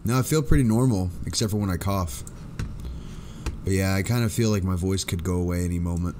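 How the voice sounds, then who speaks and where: A chatty male streamer with a somewhat low voice talks back to his viewers' messages at a home desk mic. His throat is a little sore and he coughs now and then. Noticeable hiss and background noise run under the stream audio. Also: a little fast, a little mellow. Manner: chatty, answers viewer chat aloud. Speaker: live streamer. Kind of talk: casual live-stream chat.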